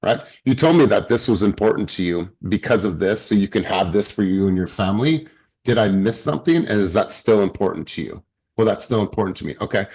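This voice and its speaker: Sales coach guy on a video call, kinda low husky voice, swears a lot, acts out the clients. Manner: blunt, profane, animated, acts out quotes.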